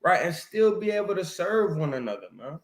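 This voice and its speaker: Man leading a religious chat, preachy, keeps asking right?, slightly high voice, roomy echo. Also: sing-song, a little fast. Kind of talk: casual religious discussion.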